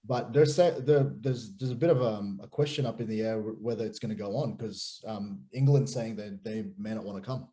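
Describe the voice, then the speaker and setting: A man in his thirties with an Australian accent, a pastor guest chatting casually and telling animated stories with many restarts. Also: fairly low pitch, moderate pace, hardly any pauses. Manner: animated storyteller, repeats and restarts words. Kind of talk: casual chat.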